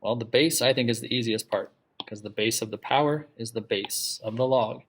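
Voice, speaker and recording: A male math teacher lecturing his class in a classroom. His voice sits at a middle pitch as he talks the students through each step. He stops often to ask "okay?", throws questions out to the room, and repeats the main idea for emphasis. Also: a little fast.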